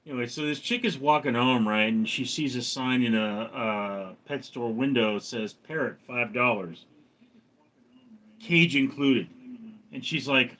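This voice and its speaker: A man hosting a casual livestream, telling long jokes. He rambles and restarts his sentences. Give it an offhand, conversational delivery at an ordinary pitch. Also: measured pace, bright, forceful tone, slight background noise, rough recording. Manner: rambling storyteller, acts out voices in jokes.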